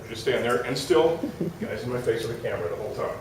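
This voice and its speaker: A man's voice: mid-range voice, fast talker, echoey room, far from the mic, slight background noise, poor audio. A man on a conference stage telling a funny anecdote, acting out the people in it and laughing as he goes. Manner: animated, acts out quotes, laughs while telling. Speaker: storyteller on stage. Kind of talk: live comic anecdote. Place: conference hall, live audience.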